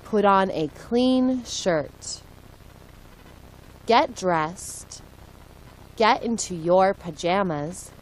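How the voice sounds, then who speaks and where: Woman reader for a listening lesson: very slow, clear, deliberate pacing. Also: mid-range voice, a little hiss or hum, low-quality recording. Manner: slow, deliberate, one short sentence at a time. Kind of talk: slow read-aloud for learners.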